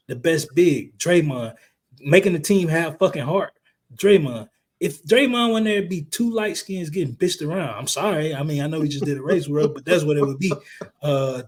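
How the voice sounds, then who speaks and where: A man co-hosting a casual sports podcast, talking in a profane, heated, emphatic way, his voice a little hoarse. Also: a little high. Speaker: podcast co-host. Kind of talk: casual sports chat and rant.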